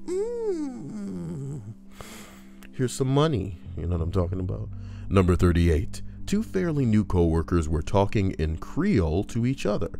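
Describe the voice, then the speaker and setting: Reading Reddit posts aloud for YouTube, this man is very animated and throws in crude, joking asides, all over faint background music. His low voice is creaky yet mellow, delivered at a normal speed.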